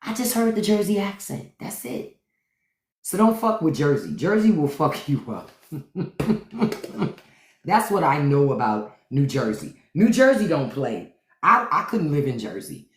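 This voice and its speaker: A woman with a low voice that jumps around a lot hosts a casual live stream. She tells profane stories with plenty of color. The sound is roomy and echoey. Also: unhurried. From Washington, DC. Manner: animated, profane storytelling with acted-out quotes. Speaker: podcast host on a live stream. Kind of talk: casual livestream chat. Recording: roomy echo.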